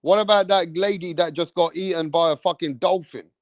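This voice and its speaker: A man, hosting a live stream, telling rambling stories in an animated way, swearing often and tagging lines with "bruv". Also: fairly high pitch, fairly quick, dry recording, studio quality. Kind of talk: rambling storytelling.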